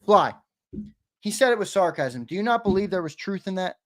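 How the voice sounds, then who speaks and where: A man with a fairly high voice argues his sports opinions bluntly in a heated chat, hammering the same point home. The sound is dry and close, with no room around it. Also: expressive, brisk, a bit bright, no echo. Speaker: sports podcast co-host.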